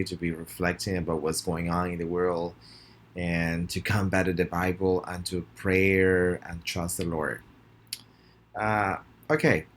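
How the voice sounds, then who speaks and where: A man with a very deep voice, whose first language is Spanish, leads a recorded pronunciation class. He speaks in a friendly way, saying each word slowly and asking students to repeat after him. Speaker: pronunciation teacher. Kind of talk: recorded video lesson.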